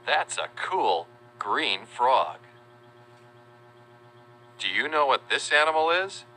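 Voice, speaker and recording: A man narrating a children's educational video, spelling out words letter by letter in a friendly, deliberate way. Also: mid-range voice, very animated, bright, forceful tone, a little hiss or hum. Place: voice-over.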